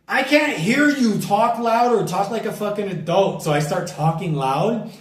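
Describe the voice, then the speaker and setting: A middle-aged man from the United States rants loudly and profanely into his camera, irritated and swearing freely. His voice sits a little high for a man. He stands off from the mic, and the sound is roomy and hollow. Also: animated, measured pace, far from the mic. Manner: loud, profane, ranting and irritated. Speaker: vlogger. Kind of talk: profane outdoor rant to camera. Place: outdoors at dusk, bugs and a barking dog nearby.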